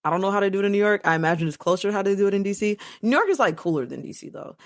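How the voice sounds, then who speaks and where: A woman from Los Angeles co-hosting a podcast in casual chat. She is animated, laughs often and swears freely. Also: mid-range voice, very fast. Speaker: podcast co-host.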